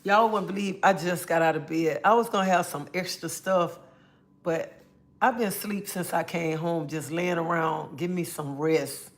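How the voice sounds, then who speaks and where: A woman hosts a relaxed livestream, calling out viewers by name and chatting easily. She sounds a little under the weather and talks into a phone or webcam mic. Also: lowish voice. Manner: greets chat viewers by name, drawn-out friendly talk. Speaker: livestream host. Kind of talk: casual livestream chat.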